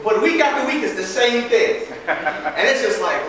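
A young man preaching a sermon as pastor, telling a story in a lively, halting way with many restarts, in a church hall. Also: very high-pitched, a little hiss or hum. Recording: echoey hall, far from mic.

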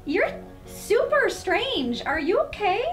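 A woman's voice: very high-pitched, very animated, takes it slowly, soft background music, heavily acted. A woman playing a chatty young princess who bluntly asks her sister why she is acting strange. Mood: puzzled. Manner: blunt, quizzical. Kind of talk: comedy sketch acting.

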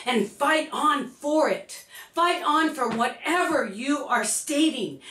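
A woman giving an emphatic, repetitive motivational pep talk, breaking into shouts. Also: sits high, takes it slowly. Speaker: motivational speaker. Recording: echoey room, distant mic.

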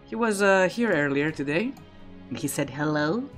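Guy streaming a game live, kinda high voice, rambles on, faint music behind. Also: expressive, unhurried. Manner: chatty, rambling, restarts sentences. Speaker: Twitch streamer. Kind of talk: live gameplay commentary. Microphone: his own streaming microphone.

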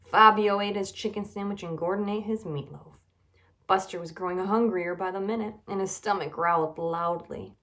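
A woman nutrition educator reading a children's storybook aloud, expressive and emphatic. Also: medium pitch, moderate pace.

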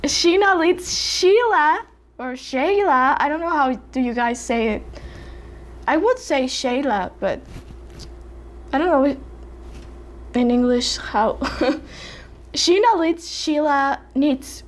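Mexican lady vlogging, high voice, slow careful tongue twisters, keeps tripping and restarting. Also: animated. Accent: Mexican Spanish. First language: Spanish. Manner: stumbling, self-correcting, giggly. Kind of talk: casual tongue-twister attempts.

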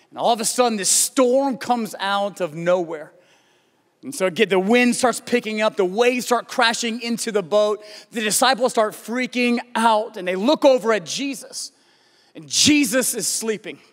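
A man's voice: high-pitched, big-room sound. An American man preaching a sermon as pastor, telling a story and building to impassioned pleas. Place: church auditorium.

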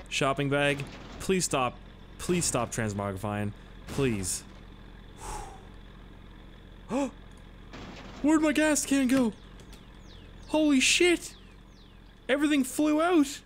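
Excitable, lively-voiced man playing a game. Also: medium pitch, slight background noise. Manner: excitable, profane, jokey, yelps and laughs at the game. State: tipsy. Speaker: gaming video host. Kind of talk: gameplay commentary.

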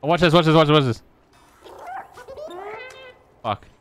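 A man's voice: on the high side, measured pace, a little hiss or hum. A young man giving casual, joking and profane commentary while playing a video game, sometimes reading its dialogue aloud.

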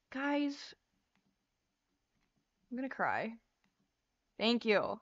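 A woman's voice: a little high, expressive, takes it slowly, pauses often. A young woman hosting a casual livestream, flustered and laughing as she swears through tech trouble. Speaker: livestream host. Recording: lo-fi stream audio.

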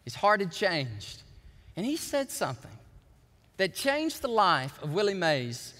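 A pastor preaches in a large sanctuary, his high voice rising and falling with lively energy. He tells his story animatedly and acts out the voices in it. His bright tone carries a long reverb from the hall. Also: unhurried. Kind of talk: sermon.

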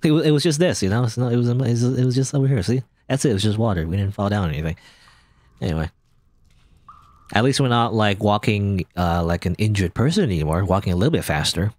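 A man hosting a let's play, reading game dialogue aloud and commenting in a playful, animated way. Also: fairly low pitch, quick pace, no echo. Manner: animated, playful, voices characters.

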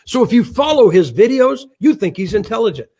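A man speaking as a guest on a religious talk show, combative and mocking, with a husky voice. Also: high-pitched, very animated, fairly quick, mellow. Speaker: guest preacher.

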